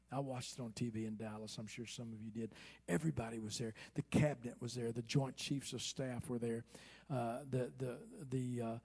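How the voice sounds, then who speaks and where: A man preaching a sermon from the pulpit of a church, who moves from quiet, hushed asides to slow, loud, soaring exclamations. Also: medium pitch, slightly rough. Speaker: pastor. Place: church sanctuary.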